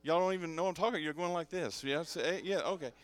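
A man's voice: fairly high pitch, quick pace, no echo. A male pastor preaches a sermon to his congregation, calling out for responses and mixing in jokes and casual asides. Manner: joking, conversational asides. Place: church sanctuary with congregation.

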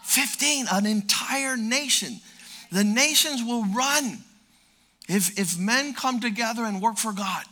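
A male pastor preaching a sermon, telling stories with humor and swinging from quiet asides to loud exhortation. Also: extremely high pitch, slow pace. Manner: storytelling with playful humor.

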